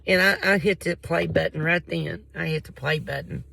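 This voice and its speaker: A woman's voice: sits low, normal speed, vocal fry, a bit bright, no room sound. A woman with a Southern Appalachian accent who chats casually to the camera, rambling and folksy and often breaking off her own sentences. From Appalachian coal country, US. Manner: rambling, folksy, interrupts herself. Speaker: vlogger.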